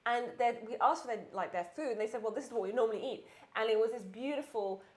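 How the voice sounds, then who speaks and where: Fast-talking, chatty woman in an echoey room. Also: fairly high pitch, darkish tone. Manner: chatty, rambling storyteller with many fillers. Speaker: tech show co-host. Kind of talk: casual live-stream chat.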